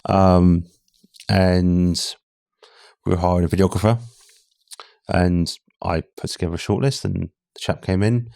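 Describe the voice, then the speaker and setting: A man from the UK talks frankly as a podcast guest, his voice very low with a gravelly, fry-laden edge. The recording is dry and close. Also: fairly even intonation, unhurried, long pauses, warm tone, dry recording. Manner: candid, conversational, frequent restarts. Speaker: podcast guest, talent acquisition head. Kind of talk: casual interview chat.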